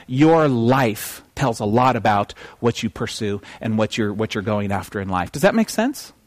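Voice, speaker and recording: A man preaching a sermon to his congregation, animated and questioning the room. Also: fairly high pitch, no echo. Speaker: pastor. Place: church service.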